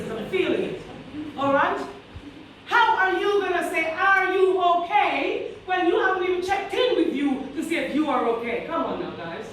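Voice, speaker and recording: Woman keynote speaker, high and sassy, preachy calls to the crowd, heard from far off in a very echoey school hall. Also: slight background noise. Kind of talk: motivational keynote to teachers. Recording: very echoey hall recorded from a distance.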